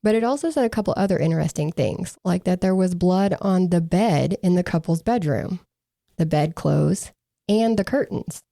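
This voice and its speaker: A woman's voice: lowish voice, expressive, moderate pace, creaky, dark tone, dry recording. A woman co-hosting a true crime podcast, reading from case reports with dry, sarcastic asides.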